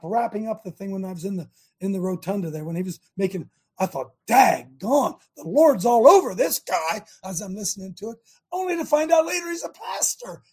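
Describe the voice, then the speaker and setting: A man's voice: high voice, warm tone, husky. An older American man hosting a talk show, rallying listeners in a rambling, preachy monologue with many restarts.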